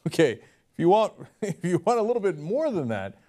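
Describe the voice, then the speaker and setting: A man's voice: high-pitched, big pitch swings, normal speed, mellow. A man hosting casual political commentary, sarcastic and often laughing as he mocks what he quotes. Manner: sarcastic, laughing, mocking impressions.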